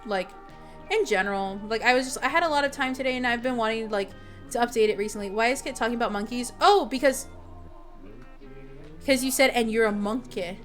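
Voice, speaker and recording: A woman's voice: on the high side, fairly quick, long pauses, a bit bright, soft background music. Giggly rambling young woman streamer. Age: young adult. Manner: rambling, giggly, lots of fillers. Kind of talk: casual chat with stream chat.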